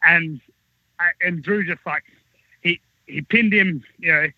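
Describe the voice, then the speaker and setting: A man's voice: on the high side, measured pace, no echo. A man who works as a wrestler tells a rambling, profane backstage story in casual podcast chat, on dull lo-fi podcast audio. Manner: rambling, profane, animated anecdote-telling. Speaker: wrestling talent recounting backstage stories.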